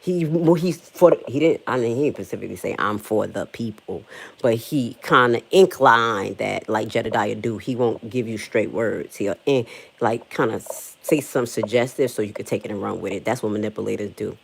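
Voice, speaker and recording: A young woman with a low, deep-set voice rants on a casual livestream. She talks bluntly and swears freely. When she makes a point, her voice jumps sharply upward. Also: fairly quick, gravelly, husky. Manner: animated, jumps to high excited pitch when emphatic; blunt, profane street talk. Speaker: livestream host.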